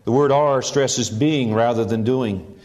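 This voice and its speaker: A man's voice: medium pitch, unhurried, darkish tone. A middle-aged man, a pastor, preaching a sermon with earnest emphasis that rises on key phrases.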